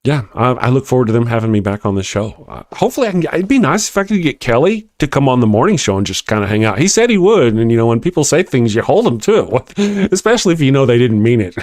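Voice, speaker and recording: Texan male streamer, casual and joking, expressive pitch, dry room. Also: quick pace, no room sound. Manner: chatty, laughs often, joking asides. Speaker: livestream host. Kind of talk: casual livestream chat reading comments.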